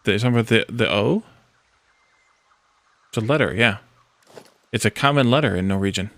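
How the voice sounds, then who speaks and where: A man's voice: fairly low pitch, fairly quick, a bit bright, dry recording. A man streaming a building game, chatting casually with his viewers and talking himself through each step. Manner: chatty, reacts to chat, talks to himself while building. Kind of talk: casual let's-play commentary.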